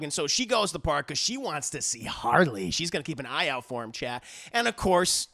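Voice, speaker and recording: Animated, gravelly man recapping a movie. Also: on the high side, a little fast, hardly any pauses. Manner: animated, profane, laughing as he tells it. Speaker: movie reviewer. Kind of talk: casual comedic plot recap.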